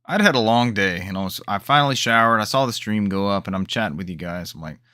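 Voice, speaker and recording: Lowish guy cohosting a gaming podcast, animated storyteller, super dry mic. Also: fast talker, dry recording. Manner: animated storyteller, acts out quotes. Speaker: podcast co-host. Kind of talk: casual gaming chat. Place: home setup on live stream.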